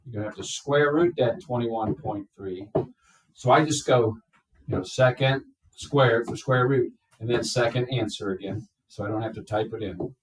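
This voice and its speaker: A man teaching a math class, explaining step by step and checking in with his students. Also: medium pitch. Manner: slow, step-by-step, checks in with "okay?". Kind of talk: classroom lecture. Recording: echoey classroom from far off.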